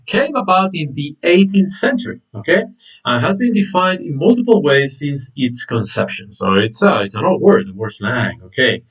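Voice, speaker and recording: A man's voice: medium pitch, a bit bright, far from the mic, poor audio. A man teaching an online English lesson, repeating words, saying "okay" often and greeting viewers by name.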